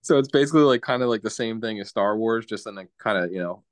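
A young man co-hosting a podcast, talking in a relaxed, hesitant way with many ums. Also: on the low side, fast talker, dry recording. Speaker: podcast co-host. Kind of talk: casual chat.

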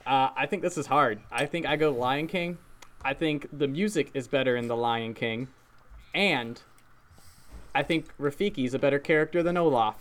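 A man's voice: medium pitch, moderate pace, fairly bright tone. A man co-hosting a casual podcast chat, joking around and laughing a lot. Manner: jokey, laughs often, hams up character quotes. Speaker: podcast co-host.

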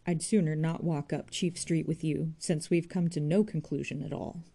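A woman reading aloud voices a blunt, careless young woman who speaks briskly and forcefully. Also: low-pitched, steady tone, gravelly, slightly rough, heavily acted. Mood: confiding.

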